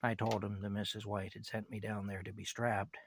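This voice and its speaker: Gravelly older man telling a story. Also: on the low side, flat delivery, a little fast, a little hiss or hum. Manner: rambling, conversational, frequent "anyway" and "you know". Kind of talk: casual personal storytelling.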